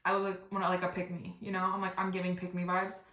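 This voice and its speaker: Woman, podcast host, rapid-fire comic storytelling, oversharing, lots of swearing, quick pace. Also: lowish voice, completely flat delivery, a bit bright, echoey room. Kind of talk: comedic storytelling.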